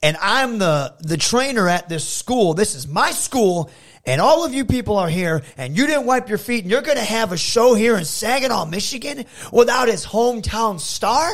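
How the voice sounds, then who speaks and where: A man's voice: high voice, a bit bright, pitched above the performer's own voice. A man putting on a cocky, arrogant heel wrestler delivering a boastful promo.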